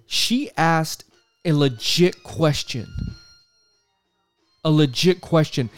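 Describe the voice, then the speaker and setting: A man's voice: fairly high pitch, no room sound. A man hosting a podcast, ranting with profanity and exasperation and repeating himself as he comments on a press briefing. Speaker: podcast host.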